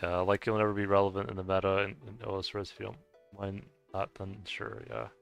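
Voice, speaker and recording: A man's voice: sits low, monotone, fairly quick, gravelly, highs cut off, faint music behind. A man chatting casually while he plays a game, hesitant, with many filler sounds and restarts. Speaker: gaming video host.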